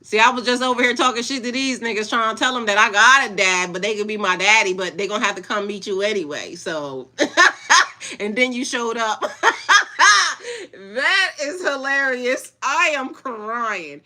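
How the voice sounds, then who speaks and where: Woman in her 40s, spiritual coach on a casual livestream; bright, cutting voice, blunt delivery, quick to laugh and curse. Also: medium pitch. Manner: blunt, laughs often, swears freely. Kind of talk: casual livestream chat with viewers.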